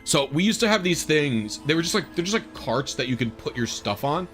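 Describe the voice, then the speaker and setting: A man's voice: fairly high pitch, very animated, fairly quick, fairly bright tone. Streamer guy rambling a work story, lots of "like", bit of music in the background. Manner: rambling, filler-heavy, exasperated. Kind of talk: casual storytelling while gaming.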